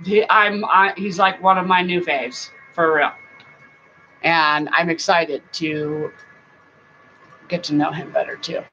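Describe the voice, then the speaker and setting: A middle-aged woman chats loosely on her live stream, rambling from topic to topic and laughing along the way. She talks at an unhurried, slow pace. The sound is dull and lo-fi, with a faint hiss underneath. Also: fairly low pitch, steady tone, bright, forceful tone. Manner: chatty and rambling, often laughing and breaking into song. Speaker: vlogger hosting a live chat. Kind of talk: casual live-stream chat.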